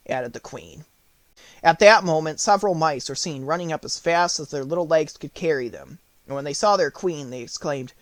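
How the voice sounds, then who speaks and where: A man reading an audiobook aloud with lively, animated storytelling. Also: a little high, moderate pace, no echo. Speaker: audiobook narrator.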